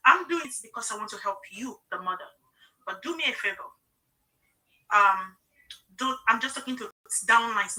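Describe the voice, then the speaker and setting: A woman's voice: mid-range voice, bright, forceful tone, low-quality recording. A middle-aged woman hosting a live stream, talking earnestly and personally and often checking in with "okay?". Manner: emotional, personal storytelling. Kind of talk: casual live-stream sales talk.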